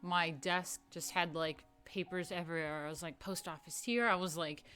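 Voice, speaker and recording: A woman's voice: fairly low pitch, fairly even intonation, moderate pace, fairly bright tone, faint music behind. A woman hosting a casual art history lecture, chatty and swearing, often drifting into asides. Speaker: host.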